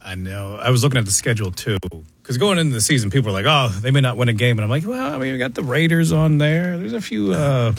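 A wisecracking male co-host on sports radio with a mid-pitched, husky voice, ribbing his partner and listing games off in loose banter. A faint music bed sits underneath. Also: sing-song, fast talker, dry recording. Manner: teasing, wisecracking.

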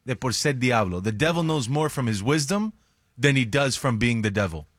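A man's voice: mid-range voice, animated, normal speed, no room sound, studio quality. Plain-voiced man explaining with a laugh. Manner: explains sayings, laughs easily. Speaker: radio co-host. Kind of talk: casual on-air banter.

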